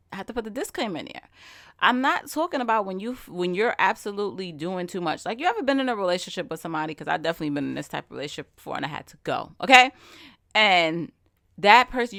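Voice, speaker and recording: A woman's voice: on the low side, fairly bright tone, no room sound, studio quality. A woman hosting a podcast, talking in a casual, emphatic way and asking rhetorical questions. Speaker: podcast host. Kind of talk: casual solo podcast monologue.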